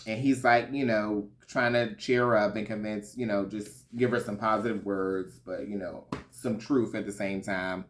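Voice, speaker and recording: A man's voice: on the low side, fairly even intonation, moderate pace, hardly any pauses, slight background noise. A man giving a sassy, gossipy recap of a reality show, swearing freely. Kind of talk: casual recap commentary.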